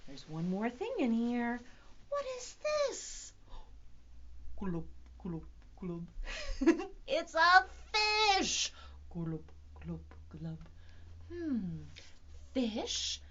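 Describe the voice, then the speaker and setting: A woman's voice: mid-range voice, fairly bright tone, muffled recording, a little hiss or hum. A woman leading a virtual storytime for young children, talking in a sing-song, exaggerated, playful teacher voice. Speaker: children's librarian.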